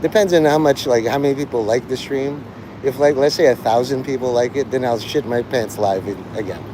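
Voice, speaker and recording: A man's voice: medium pitch, a little fast, background noise. A man chatting crudely and sardonically on a rambling live stream.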